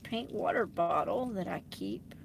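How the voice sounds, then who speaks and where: A woman with a mid-range voice and vocal fry hosts a late-night livestream from inside her truck, speaking a little slowly over a faint hiss or hum. She chats and laughs often, reading and answering viewer comments.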